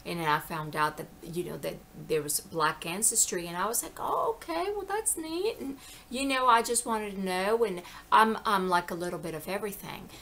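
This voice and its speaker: Bright-voiced woman rambling in animated monologue. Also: fairly low pitch, fairly quick, a little hiss or hum. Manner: animated, digressive, slips into quoted voices. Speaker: vlogger. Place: lives in the American South.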